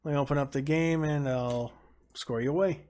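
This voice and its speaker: High-voiced man hosting a stream. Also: steady tone, moderate pace, darkish tone. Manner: swears casually while directing players. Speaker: stream host. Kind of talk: casual gaming stream chat.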